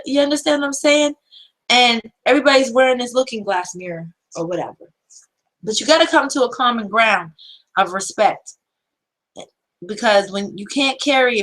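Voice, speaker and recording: A woman's voice: a little high, a bit bright, low-quality recording. A woman hosting an empowerment show, giving earnest, repetitive, preacher-like encouragement in casual motivational talk.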